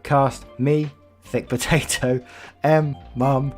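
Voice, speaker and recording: A man's voice: medium pitch, flat delivery, slow, darkish tone, soft background music. A man hosting a channel, reading viewer stories aloud in a casual, chatty way, laughing often and swearing freely. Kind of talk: casual read-aloud storytelling with commentary.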